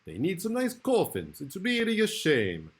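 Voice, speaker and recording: A man's voice: sits high, wildly swooping pitch, moderate pace, husky, voice pushed up, exaggerated voice. A man voicing a fussy, gloomy young male vampire in a storybook, complaining.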